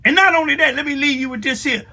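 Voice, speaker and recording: A man talks straight to his viewers in a live video, urgent and repetitive. His voice sits high and rings bright. He keeps calling them y'all as he piles up complaints. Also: fast talker, creaky. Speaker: local political commentator.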